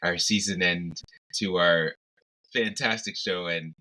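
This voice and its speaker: A man co-hosting a casual podcast chat, playful and quick to laugh. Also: low-pitched, rough recording. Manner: laughs often, animated and playful. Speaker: podcast co-host.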